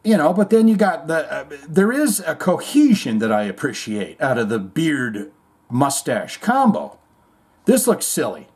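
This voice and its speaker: A man's voice: a little high, wildly swooping pitch, a little slow, darkish tone, husky. A man hosting a casual show, reading music news aloud and riffing on it with irreverent, rambling asides and swearing. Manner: irreverent, rambling, swears, mock-reads quotes. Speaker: host.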